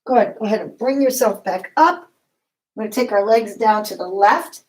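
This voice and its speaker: A woman leading a yoga class, giving calm, encouraging step-by-step cues. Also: medium pitch, moderate pace, low-quality recording. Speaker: yoga instructor. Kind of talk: guided yoga class instruction.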